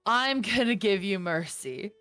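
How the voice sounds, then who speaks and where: Slow-talking woman game master. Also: medium pitch, lively intonation, fairly bright tone, dry recording, faint music behind. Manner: slow, swearing, laughing banter. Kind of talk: narrating a tabletop game.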